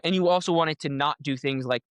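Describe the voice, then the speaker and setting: A man in casual podcast talk, explaining a technical idea through a running playful analogy. His voice sits a little higher than most men's. He is heard close and dry, with no room sound, and he restarts his phrases often as he thinks aloud. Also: fast talker, clear, resonant tone, no echo. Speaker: podcast guest, AI safety researcher.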